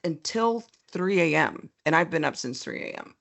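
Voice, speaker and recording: A middle-aged woman co-hosting a podcast, telling stories in a lively casual chat and laughing often. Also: low-pitched, moderate pace, creaky. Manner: animated storyteller, laughs often. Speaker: podcast co-host.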